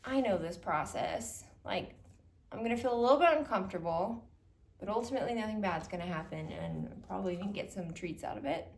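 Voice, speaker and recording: A woman voicing the inner thoughts of an anxious male dog who is getting used to handling, speaking quickly and matter-of-factly. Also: mid-range voice, animated, distant mic, lightly acted. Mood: resigned. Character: male dog, anxious but learning, accepting.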